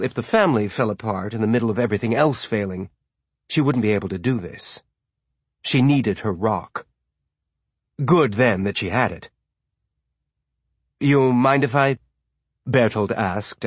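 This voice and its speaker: Husky-voiced male audiobook narrator. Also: mid-range voice, no room sound, studio quality. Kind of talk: scripted narration.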